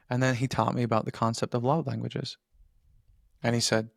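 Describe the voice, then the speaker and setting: Gravelly man speaking earnestly. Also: mid-range voice, steady tone, a little fast, dry recording, clean studio sound. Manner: earnest, restarts phrases while explaining. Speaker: podcast guest. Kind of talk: casual interview talk.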